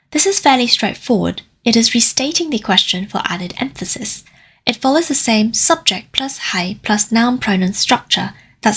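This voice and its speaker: A woman with a husky, slightly breathy voice delivers a scripted language lesson. She explains grammar step by step in a clear, careful way and slows down to sound out each example phrase. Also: medium pitch, fairly bright tone. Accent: Cantonese. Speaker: language teacher.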